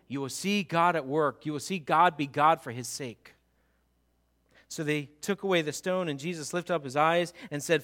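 A male pastor preaches with animated humor and asks his congregation direct questions. His voice sits a bit high and has a bright, forceful edge. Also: normal speed. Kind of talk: sermon.

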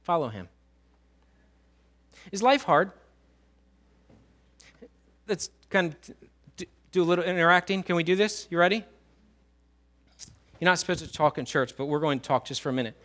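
Man, pastor, church sermon, high voice, swings loud and soft. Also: normal speed, pauses often. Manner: dynamic, swings from loud emphasis to quiet low lines; asks the congregation questions and writes on a whiteboard.

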